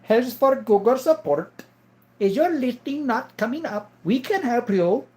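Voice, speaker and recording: A man's voice: very high voice, animated, measured pace, dark tone, pitched above the performer's own voice. A man voicing an overly polite fake tech-support scam caller in a put-on Indian English accent. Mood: overpolite. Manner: overly polite, sing-song.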